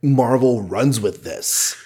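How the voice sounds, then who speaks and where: A man co-hosting a podcast, explaining things in a measured, casual way with "um" pauses. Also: mid-range voice, mellow, slightly rough. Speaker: podcast co-host. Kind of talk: casual chat about comics.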